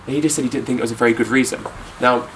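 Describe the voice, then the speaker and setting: A man's voice: mid-range voice, fairly even intonation, very fast, over a noisy crowd, rough recording. A man in his twenties giving a talk to an audience, telling stories in a candid way and often adding questions like "right?" to his sentences. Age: 20s. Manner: candid storytelling with rhetorical tag questions. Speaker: speaker.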